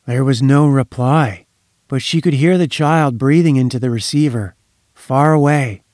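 A man reading a story aloud in a measured, solemn narration. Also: mid-range voice, a little mellow, dry recording, clean studio sound.

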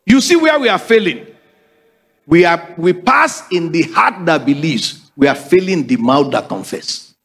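Lively high-voiced preacher. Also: male voice, unhurried, slightly rough. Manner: emphatic, repetitive, calls for congregation responses. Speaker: pastor. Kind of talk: preaching sermon.

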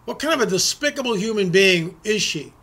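Man, middle-aged, political monologue host, emphatic, stammering repeats, high-pitched, bright tone. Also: lively intonation, fairly quick. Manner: emphatic, repeats words when pressing a point.

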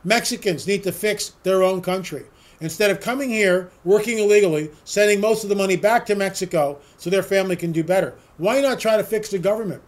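Man, fairly high voice, opinionated monologue, sarcastic, ranting. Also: fairly quick. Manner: sarcastic, ranting, full of rhetorical questions. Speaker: commentator.

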